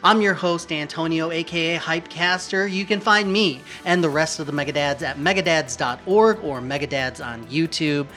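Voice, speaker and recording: A man's voice: on the high side, normal speed, hardly any pauses, pushed and bright, soft background music. A man hosting a gaming podcast, opening with playful hype-building announcer flair, then chatting casually. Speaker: podcast host.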